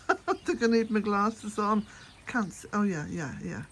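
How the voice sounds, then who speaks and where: Filming her cottage gardening vlog outdoors among the garden and shed, a woman from the west of Ireland rambles casually to camera in her own voice, laughing a lot and slightly breathless. Her voice is medium-pitched, slow and a bit bright, with lively intonation and slight background noise.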